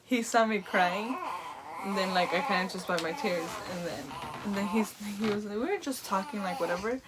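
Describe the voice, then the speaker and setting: A young adult woman vlogger rambles through a personal story in a mid-range voice at normal speed, full of "like" and "um," while a loud crowd fills the background.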